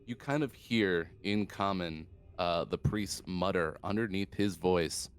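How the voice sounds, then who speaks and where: Low-voiced man running a tabletop game. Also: measured pace, smooth. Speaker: dungeon master.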